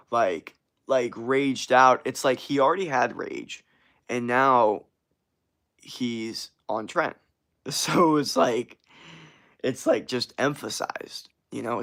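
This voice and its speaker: A man's voice: mid-range voice, vocal fry, a bit bright. Young male streamer; casual, rambling, swears a lot, slangy. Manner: rambling, profane, slangy, laughs often. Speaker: streamer answering chat. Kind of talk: casual livestream chat.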